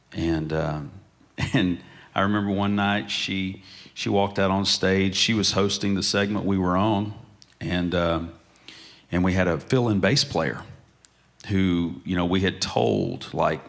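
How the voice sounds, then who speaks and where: A man with a very low, gravelly voice tells anecdotes as a guest on a museum stage panel. He talks casually and chuckles his way through the punchlines of his stories. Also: a bit bright. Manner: storytelling, laughs through punchlines. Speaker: panel guest, country singer. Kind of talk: animated anecdote telling.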